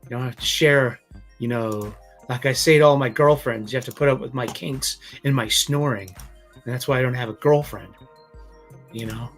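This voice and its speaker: A man hosting a casual comics livestream, talking in a rambling, halting way with many fillers and restarts. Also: medium pitch, fairly bright tone, faint music behind. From Boston area. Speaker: comics review livestream host.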